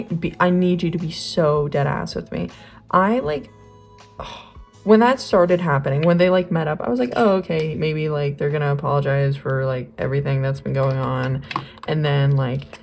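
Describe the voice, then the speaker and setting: Young woman, lowish voice, rambling casual chat over faint music. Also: moderate pace, a little mellow. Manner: chatty, rambling, heavy on fillers and slang. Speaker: art vlogger. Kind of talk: casual chat while drawing.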